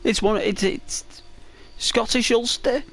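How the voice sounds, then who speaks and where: A man's voice: extremely high pitch, steady tone, slow pace, fairly bright tone. A man from England livestreaming a game, chatting casually and encouragingly with viewers by name as he reads their comments. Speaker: gaming livestreamer.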